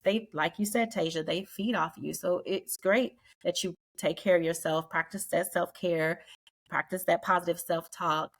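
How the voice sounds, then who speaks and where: A woman's voice: fairly low pitch, steady tone, normal speed. Woman host chatting casually, earnest and a bit preachy, laughs a lot. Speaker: podcast host. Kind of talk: casual group chat.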